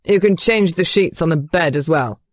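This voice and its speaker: A woman's voice: fairly low pitch, moderate pace, dry recording, lightly acted. A woman doing a grumbly, disdainful young duke. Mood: commanding. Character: gruff young male duke, curt and disdainful.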